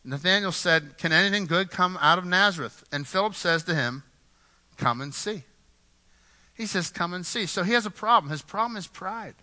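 A man's voice: on the high side, sharp tone. A man from Pittsburgh preaching a sermon as pastor, talking conversationally, repeating words and asking the congregation questions.

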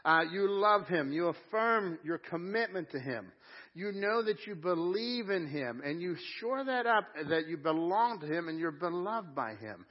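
A man's voice: high voice, big pitch swings, highs cut off. Earnest male pastor preaching a sermon. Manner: earnest preaching, slows down to stress scripture. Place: church sanctuary at a live service.

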